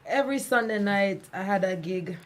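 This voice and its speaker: A young Jamaican woman, a reggae singer, telling stories in an interview, animated and laughing often as she slips into patois. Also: medium pitch, normal speed. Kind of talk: storytelling interview chat.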